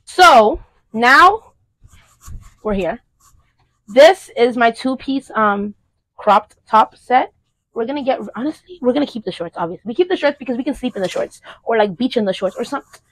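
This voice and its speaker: A woman's voice: on the high side, animated, normal speed, a bit bright, rough recording. A young woman chatting casually and playfully in a clothing try-on vlog, with joking asides. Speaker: vlogger.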